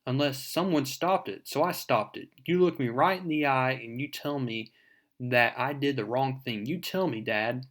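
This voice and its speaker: A man's voice: mid-range voice, moderate pace, a bit bright, lightly acted. Defiant teenage girl, read out by a man. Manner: heated, protesting. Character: teen girl, defiant and indignant.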